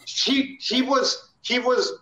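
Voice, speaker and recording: A man's voice: very high voice, steady tone, slow, fairly bright tone. A man co-hosting a podcast interview, chiming in with what he knows from others. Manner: chiming in with side knowledge. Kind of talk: casual interview chat. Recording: dull echoey room sound.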